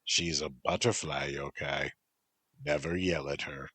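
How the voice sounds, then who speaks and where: A man voicing a gruff, teasing male tengu bodyguard who speaks in a dry, mocking, unhurried way, in a storybook reading. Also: very deep voice, fairly even intonation, bright, forceful tone, dry recording, voice pushed down, exaggerated voice.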